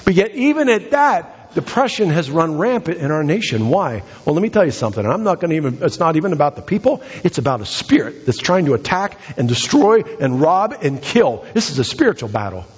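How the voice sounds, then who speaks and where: An American man preaching a sermon in a church, emphatic, repeating phrases with sudden swings in pitch. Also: big pitch swings, brisk, hardly any pauses, slightly rough. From United States. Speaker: pastor. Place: church sanctuary. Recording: dull sound with long hall reverb.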